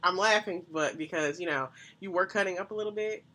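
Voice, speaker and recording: A woman with a lowish but bright, forceful voice in relaxed conversation. She speaks emphatically and colloquially. She often chimes in with quick agreement. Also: slight background noise. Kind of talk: casual chat.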